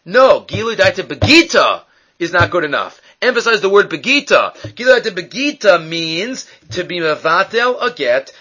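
A man's voice: high-pitched, pushed and bright, highs cut off. A man teaching a Talmud class, asking and answering his own questions as he explains.

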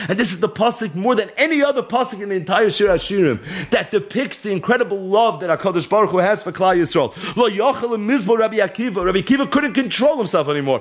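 Animated male Torah teacher, lively pitch. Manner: animated, reads Aramaic then translates line by line; asks rhetorical questions of listeners. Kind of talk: storytelling Torah class.

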